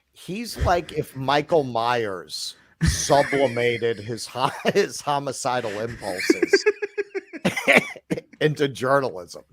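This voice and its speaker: A man's voice: medium pitch, a little hiss or hum. A man co-hosting a podcast in casual chat, joking with playful exaggeration. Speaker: podcast co-host.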